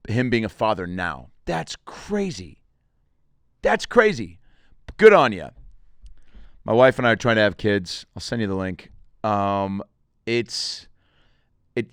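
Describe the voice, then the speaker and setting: A man's voice: medium pitch, fairly bright tone, smooth, no room sound, clean studio sound. Rambling joking male podcast host. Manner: rambling, self-interrupting, jokey. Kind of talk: casual comedic monologue.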